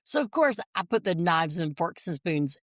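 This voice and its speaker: A woman, a podcast guest telling a personal story, animated and quick to laugh. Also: fairly low pitch, dry recording, studio quality. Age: 40s. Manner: animated storyteller, acts out family voices, laughs often.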